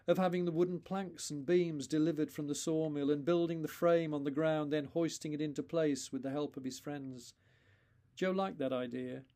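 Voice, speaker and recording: Male author-narrator; deliberate, paused storytelling with a somewhat high voice. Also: dark tone. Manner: slow, deliberate, with pauses between phrases. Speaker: author reading his own story.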